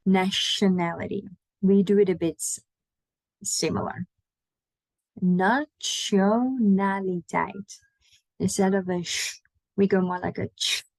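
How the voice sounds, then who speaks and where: A Dutch-speaking woman teaching an online language lesson in English, saying Dutch words slowly and repeating them for learners. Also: fairly low pitch, creaky, darkish tone, no echo, rough recording.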